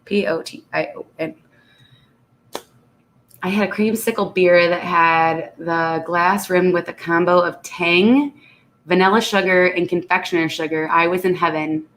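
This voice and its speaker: Woman streamer, lowish voice, chatty and laughing, stuffy nose, casual reading of viewer chat. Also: steady tone, normal speed, a bit bright, slight background noise. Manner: chatty, laughs often, reads comments aloud. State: congested. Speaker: channel host reading live chat.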